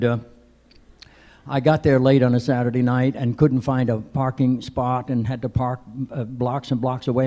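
Wry older man, dark voice, hall echo. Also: mid-range voice. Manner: wry self-deprecating storyteller, many hesitant "uh"s. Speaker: keynote speaker. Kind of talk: anecdotal after-breakfast speech. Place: large banquet hall. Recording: reverberant large hall.

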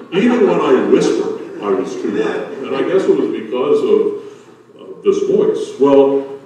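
Older male pastor, loud booming voice, folksy humor, recorded far off in a roomy church. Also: big pitch swings, a little slow, a little hiss or hum. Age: 60s. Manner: folksy, joking storyteller. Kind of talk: sermon. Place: church sanctuary. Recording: very echoey, distant church room.

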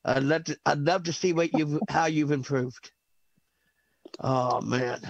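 A man's voice: a little high, a little slow, gravelly, breathy edge, no echo, dull audio. A man hosting an online comedy benefit over a video call, effusive and emotional, laughing often. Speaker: host of a comedy benefit show.

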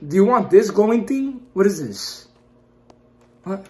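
Playing a horror game for a let's-play, this gaming YouTuber speaks in a high voice, fairly quickly. He's excitable and jumpy, yelping at scares before muttering, trash-talking the game, and cursing mildly throughout.

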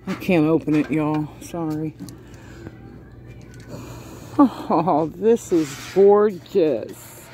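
Strolling through a big store with a handheld phone, this woman keeps up a relaxed running commentary for her viewers, laughing frequently. She's a shopping vlogger whose voice is lowish and mellow, with a slight hiss or hum in the background.

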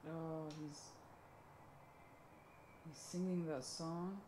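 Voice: medium pitch, fairly even intonation, drawn-out words, roomy sound, background noise. A movie reaction host giving a blunt, profane running commentary while watching a film.

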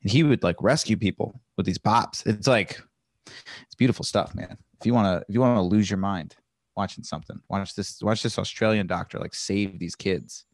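Lower-voiced man telling eager stories. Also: normal speed, no echo, studio quality. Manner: enthusiastic storyteller, heavy on "like" fillers. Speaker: podcast guest, comedian. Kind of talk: casual chat.

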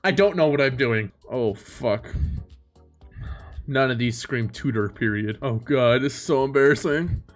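A young man giving casual, profane gaming commentary in an excitable way, breaking into loud laughter. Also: mid-range voice, a little slow, faint music behind. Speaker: streamer.

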